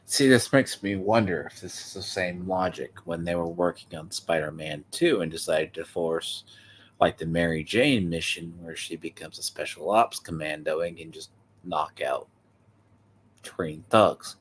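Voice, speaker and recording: A man's voice: deep voice, measured pace, a little hiss or hum. A man hosting a reaction video, giving opinionated casual commentary and checking that his friend agrees. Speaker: video host reacting to a clip.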